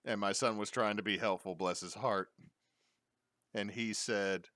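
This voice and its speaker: Guy, middle-aged, low voice, dry close sound, lively storyteller for a chat show. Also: moderate pace, no room sound. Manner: animated storyteller, acts out quotes. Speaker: podcast co-host. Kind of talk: casual chat.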